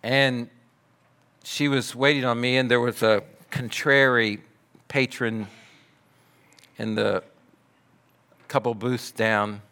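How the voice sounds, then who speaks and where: A man preaching a sermon, telling a story in a measured way and dropping to soft, quiet passages. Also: mid-range voice, steady tone. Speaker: pastor.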